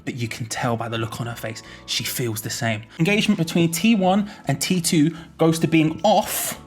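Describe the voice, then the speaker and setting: A young man giving a jokey, rambling explainer vlog, often correcting himself mid-sentence. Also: on the high side. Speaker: YouTuber.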